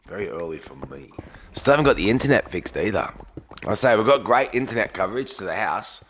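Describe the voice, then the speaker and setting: A man live-streaming a game early in the morning from a garage, talking quietly and sleepily while reading out chat. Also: lowish voice, animated, a little fast, slight background noise. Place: garage with echo.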